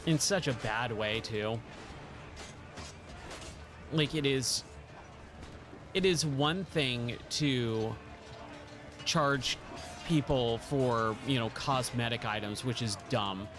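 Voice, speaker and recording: An enthusiastic man streaming a game late at night, rambling casually between the action. His voice sits at an average pitch, and his commentary is peppered with laughs and excited praise. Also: slow, pauses often, faint music behind. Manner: enthusiastic, chatty, laughs often.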